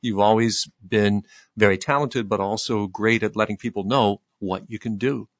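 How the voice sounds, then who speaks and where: Low-ish voiced guy hosting an interview, encouraging, summing things up, dry close mic. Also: steady tone, normal speed, no room sound. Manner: encouraging, sums up the guest's points. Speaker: interview host. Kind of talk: conversational interview.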